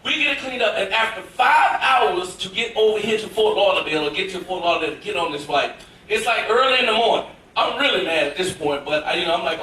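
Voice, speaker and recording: A man from Tennessee doing stand-up comedy, telling a story in an animated, emphatic way with shouted punchlines. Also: high voice, brisk, slight background noise. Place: cruise ship theater with audience. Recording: echoey theater from far off. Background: audience laughter.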